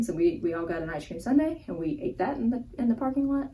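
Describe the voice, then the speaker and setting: A young woman vlogger telling a funny personal story in a casual, animated way, laughing as she goes. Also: medium pitch, quick pace, few pauses, far from the mic, poor audio. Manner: animated, laughing, acts out gestures. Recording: voice a bit off-mic with faint background ambience.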